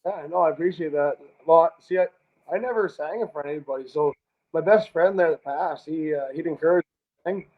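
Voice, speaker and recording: Laid-back Canadian man, slightly high voice. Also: brisk. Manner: laid-back, swears freely, stammers on restarts. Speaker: guest artist. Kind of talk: casual video call interview. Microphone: video call. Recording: muffled lo-fi call audio.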